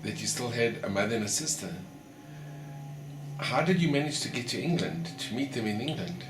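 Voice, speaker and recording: A man's voice: medium pitch, lively intonation, normal speed, echoey room, music in the background, low-quality recording. A man interviewing a guest, asking brief questions and reacting to the answers.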